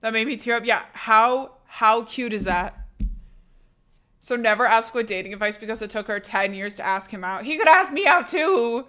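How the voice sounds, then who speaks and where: A young woman on a live stream, talking loosely to her chat with a voice worn hoarse from illness. She is blunt and swears casually, often cutting herself off and restarting her sentences. Her pitch sits in an ordinary middle range. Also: steady tone, moderate pace, pushed and bright. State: sick, voice going hoarse.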